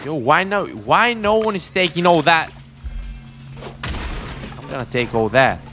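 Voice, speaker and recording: Young male streamer: slow, animated commentary full of outbursts, game music clear underneath. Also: a little high. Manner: excitable, swearing, jokey outbursts. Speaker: gaming streamer. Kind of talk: casual gameplay commentary. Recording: voice over loud game music.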